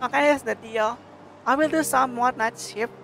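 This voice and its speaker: A woman's voice: on the high side, normal speed, creaky, fairly bright tone, soft background music. Woman reading as a smug heavenly girl. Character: boastful playful heavenly girl.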